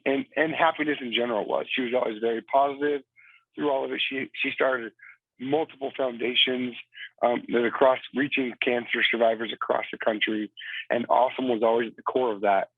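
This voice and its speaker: A man's voice: mid-range voice, dry recording. A man who served as a Marine, talking as a phone-in guest on a radio interview and telling stories with energy. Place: cabin in Virginia. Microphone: phone line. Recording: tinny phone line.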